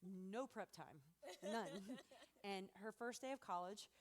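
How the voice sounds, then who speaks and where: A middle-aged woman telling a family story to an audience, animated and laughing often, acting out what others said. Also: mid-range voice, slow.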